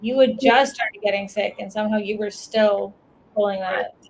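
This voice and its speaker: A woman's voice: mid-range voice, fairly even intonation, normal speed, poor audio. A woman co-hosting a casual podcast chat about paranormal investigation, putting in dry, wry remarks. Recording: faint background noise.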